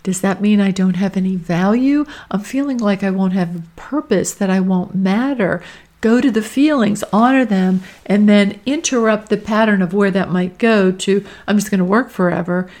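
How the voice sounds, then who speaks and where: A woman podcast host giving calm, measured coaching advice, acting out inner thoughts in short quoted lines. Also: mid-range voice. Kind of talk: reflective coaching talk.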